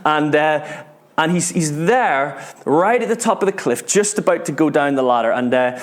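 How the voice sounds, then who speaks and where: A man's voice: a little high, expressive, moderate pace. Earnest British man preaching a sermon. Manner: earnest, repeats words, drops to hushed tones at dramatic moments. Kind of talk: sermon storytelling.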